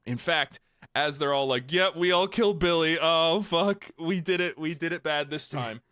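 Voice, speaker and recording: On a podcast he co-hosts, a man gives a joking recap of a film, delivering mocking quotes with crude humor in an animated way. His smooth voice runs on the high side at a normal speed, and the recording is dry with clean studio sound.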